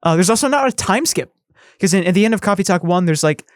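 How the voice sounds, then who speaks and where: A woman's voice: lowish voice, lively intonation, dry recording, studio quality. Rambling woman guest on a podcast. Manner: quick, rambling, with many fillers. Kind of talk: casual chat reviewing games.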